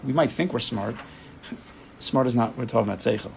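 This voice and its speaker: A rabbi giving a Torah class with a gravelly, creaky voice, pressing his points home with emphasis. He keeps slipping into little quoted inner voices to make his case. A faint hiss sits under the recording. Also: medium pitch, normal speed, rough recording.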